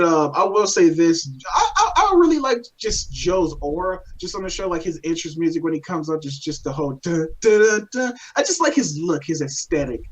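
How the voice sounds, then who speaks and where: A man's voice: a little high, husky, poor audio. A man co-hosting a casual wrestling podcast, talking in a loose, rambling way with casual swearing. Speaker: co-host.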